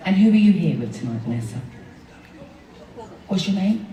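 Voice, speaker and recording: A woman chatting playfully with a concert audience from the stage, excitable and laughing often. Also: mid-range voice, fast talker, pauses often. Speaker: singer talking to a concert audience. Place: large concert hall with balconies. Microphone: stage microphone. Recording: roomy live hall sound, crowd noise, from a distance. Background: cheering crowd.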